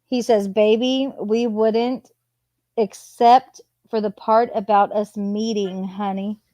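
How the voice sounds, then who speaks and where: A woman's voice: mid-range voice, fairly even intonation, slow pace, dark tone, dry recording. A woman casually reading out text messages at home, adding sarcastic asides between them. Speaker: true crime commentator reading text messages. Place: home with a cat nearby.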